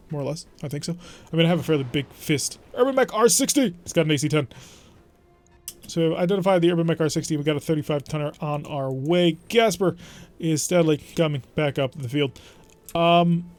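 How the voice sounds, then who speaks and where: A man's voice: fairly high pitch, a little mellow. A young adult man streaming a mech strategy game, giving chatty, wry, mock-exasperated play-by-play commentary. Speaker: gaming streamer. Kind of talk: let's play gameplay commentary.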